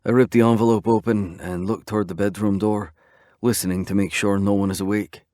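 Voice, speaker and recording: A man narrating a romance audiobook in the first person, in a steady, conversational storytelling manner. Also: lowish voice, a little fast, dry recording, clean studio sound.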